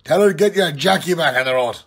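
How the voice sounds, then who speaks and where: A tipsy man with an Irish accent on a live stream, loudly teasing and challenging an old friend in rowdy banter. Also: fairly high pitch, fast talker, husky. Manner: loud, jokey, challenging and teasing. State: tipsy from drinking.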